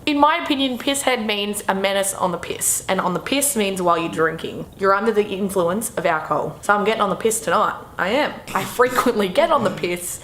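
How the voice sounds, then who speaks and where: A woman's voice: mid-range voice, brisk, few pauses, fairly bright tone, reverberant, slight background noise. A young Australian woman with an Australian accent, casually explaining slang in a brash, swearing, self-mocking way.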